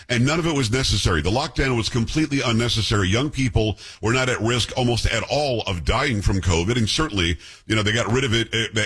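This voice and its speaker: A man's voice: mid-range voice, a bit bright, breathy edge. A middle-aged man hosting an interview, asking emphatic questions and reacting to his guest. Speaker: show host. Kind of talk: conversational interview.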